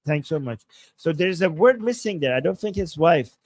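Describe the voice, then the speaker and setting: A man from Iran with a fairly high voice chats through viewer messages on a live stream. He laughs easily and often starts over mid-sentence. His voice is recorded close and dry, with no room echo. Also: expressive, normal speed. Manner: chatty, laughs easily, many restarts. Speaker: livestream co-host. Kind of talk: casual live-stream chat.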